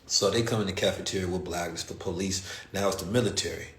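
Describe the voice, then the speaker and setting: A man's voice: sits low, quick pace, slight background noise. Slangy American man telling a story. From United States. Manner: animated, slangy, acts out quoted voices. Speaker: podcast host. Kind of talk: casual storytelling. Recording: roomy echo.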